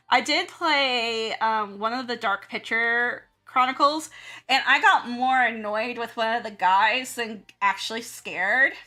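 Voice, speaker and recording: A Southern woman who streams art and teaches talks casually while she draws, rambling, laughing often, and acting out her own reactions. Her voice is a little high and sharp, and she speaks at a slow pace.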